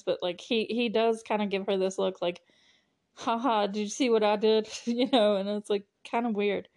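A woman's voice: mid-range voice, a little mellow. Chatty woman podcaster recapping a movie. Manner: chatty, many fillers and frequent laughs. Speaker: podcast host.

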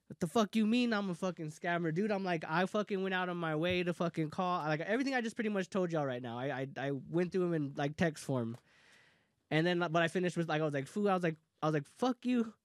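A young man casually telling a heated story among friends, profane and animated, often laughing. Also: on the high side, dry recording, clean studio sound.

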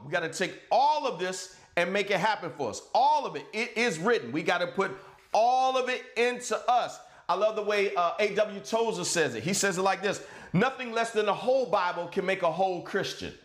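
Impassioned high-voiced male pastor preaching. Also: echoey room. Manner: impassioned preaching, rising to shouts and dropping low. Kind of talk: sermon.

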